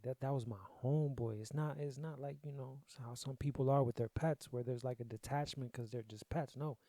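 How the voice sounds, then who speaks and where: A man's voice: medium pitch, dark tone, no room sound. A young adult man hosting a podcast, telling a sad personal story in a casual, profane, repetitive way, sounding grieving. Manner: profane, conversational, repeats himself. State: grieving, emotional. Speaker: podcast host.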